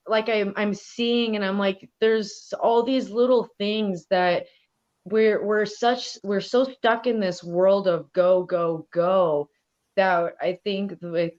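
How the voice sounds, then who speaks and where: A woman's voice: fairly low pitch, clean tone. A woman speaking as an elder guest on a podcast, talking in a thoughtful, rambling way with many fillers. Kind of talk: casual interview conversation. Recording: dull lo-fi audio.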